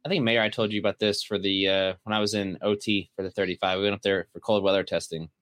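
A man with a low, bright, forceful voice chatting on a podcast. He rambles, restarts, and fills gaps with "like" and "uh". The sound is dry and close. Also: little pitch movement, fast talker, dry recording. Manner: rambling with many fillers and restarts. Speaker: podcast co-host. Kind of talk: casual chat.

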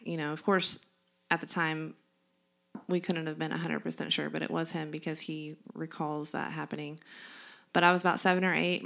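Young adult woman, lowish voice, candid and earnest storytelling for a podcast co-host. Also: gravelly, a bit bright.

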